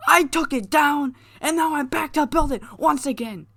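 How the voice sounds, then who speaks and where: A man voicing a brash male wrestler who cuts an angry, profane, boastful promo, shouting and ranting. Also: very high voice, normal speed, gravelly, no echo, pitched above the performer's own voice, full character voice. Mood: furious. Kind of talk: acted quote in game commentary.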